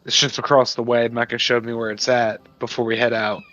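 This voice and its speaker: A man's voice: medium pitch, little pitch movement, brisk, a bit bright, dull audio. A man playing in a casual tabletop game, matter-of-fact as he describes what his character does. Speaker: player.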